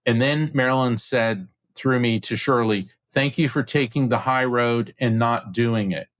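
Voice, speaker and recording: Middle aged guy on a podcast, excited storytelling, does little voices for everyone in it. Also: medium pitch, measured pace. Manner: acts out quoted voices, excited retelling. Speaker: podcast guest, psychic medium. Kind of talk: animated storytelling in an interview.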